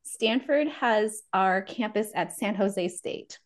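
Lively woman telling her story as a guest. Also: mid-range voice, slow. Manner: lively, acts out remembered dialogue; laughs often mid-sentence. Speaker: podcast guest. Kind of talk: casual interview storytelling.

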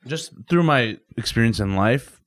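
A man's voice: medium pitch, expressive, measured pace, dry recording. A young man chatting as a comedy guest in a podcast studio, his voice sitting in the middle of the male range. He rambles a little and fills gaps with likes and ums. The sound is dry and close, with no room around it. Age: young adult. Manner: rambling, self-deprecating, many fillers. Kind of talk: casual podcast chat.

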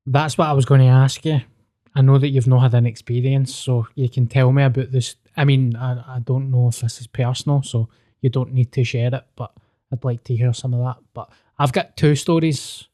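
Blunt, jokey Glaswegian podcast host. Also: male voice, mid-range voice, steady tone, normal speed, mellow. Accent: Glaswegian Scottish. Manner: blunt, jokey, swears freely. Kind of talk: casual podcast chat.

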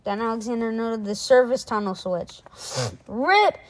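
A woman reading a children's chapter book aloud in a lively way, doing voices for the characters. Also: on the high side, a little slow, slight background noise, low-quality recording. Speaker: reader.

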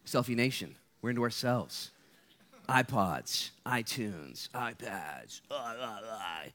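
A man, a guest speaker, preaching a lively sermon to students at a live gathering, playful and energetic, jumping from loud bursts to hushed asides. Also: mid-range voice, slow pace.

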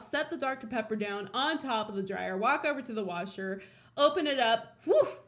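A high-pitched woman from Colorado tells a chaotic everyday story on her podcast in a loose, chatty way. Her tone is bright and forceful, and she laughs and swears often. She acts out her own thoughts, jumping up for the punchlines. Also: animated, normal speed. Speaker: podcast host. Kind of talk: casual storytelling.

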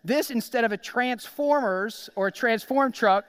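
A young adult man from South Jersey preaches from the pulpit, his voice high and smooth. He tells funny stories and acts out other people's lines with quick jumps in energy. The sound is dry and close. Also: no room sound. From South Jersey, USA. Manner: animated storytelling, acts out quoted voices. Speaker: pastor. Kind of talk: sermon.

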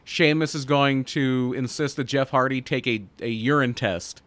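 A man's voice: medium pitch, steady tone, moderate pace, a bit bright, dry recording. A man co-hosting a casual podcast, explaining backstage rumors at length in an informed way. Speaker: podcast co-host reading wrestling news.

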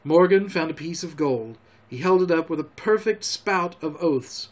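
A man hosting a storytelling show, reading a classic novel aloud in a calm, homely way. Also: a little high, moderate pace. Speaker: storyteller host.

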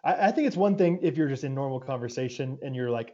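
A young man co-hosting a casual podcast chat, animated and jokey. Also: mid-range voice, dull audio. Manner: animated, quick to laugh, jokey. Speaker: podcast co-host.

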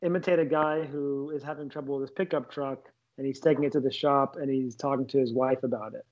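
A man's voice: medium pitch, fairly even intonation, brisk, darkish tone. A man, a comedian, talking casually and enthusiastically in an interview. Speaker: comedian guest. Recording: dull lo-fi sound.

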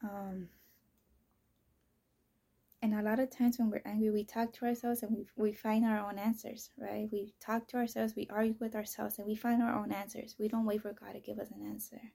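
Personal podcaster, female, mellow and breathy, hushed and blunt, swears freely. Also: mid-range voice, flat delivery, normal speed. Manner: soft-spoken, often near a whisper, blunt and profane. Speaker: podcaster telling her own story. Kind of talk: candid personal monologue.

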